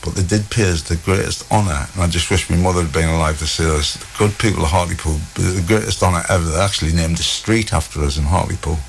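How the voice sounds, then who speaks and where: A middle-aged man with a North East England accent, a guest telling lively anecdotes in an interview. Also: low voice, fast talker, vocal fry, hardly any pauses, slight background noise. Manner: lively storyteller, animated quoted dialogue. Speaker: guest, former footballer.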